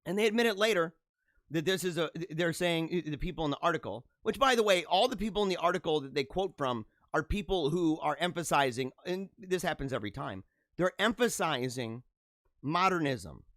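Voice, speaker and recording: A man's voice: fairly high pitch, expressive, brisk, a bit bright, dry recording, studio quality. A man in his thirties hosting a podcast, giving casual political commentary in a sarcastic, mocking way and laughing at his own jokes. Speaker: podcast host.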